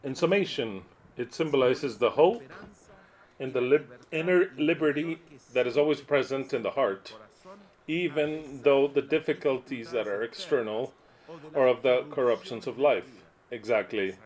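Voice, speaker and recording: A man's voice: mid-range voice, normal speed, darkish tone. A man preaching to his listeners in an earnest teaching style, repeating his points and reading aloud and explaining them.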